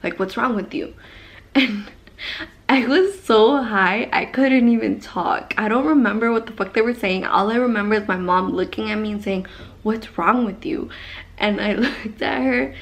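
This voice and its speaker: A woman's voice: on the high side, normal speed. Young woman telling a wild story. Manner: animated, swears a lot, rambling asides. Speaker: vlogger. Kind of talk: casual story time.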